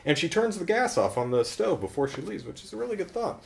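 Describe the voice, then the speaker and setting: A man's voice: a little high, sing-song, fast, creaky. A man casually recapping a horror film in a joking, sarcastic way. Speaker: film reviewer.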